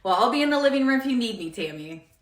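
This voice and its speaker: Shy young coworker played by a woman, curious and soft, lively high voice, echoey room. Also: quick pace, natural voice. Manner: curious, easily touched.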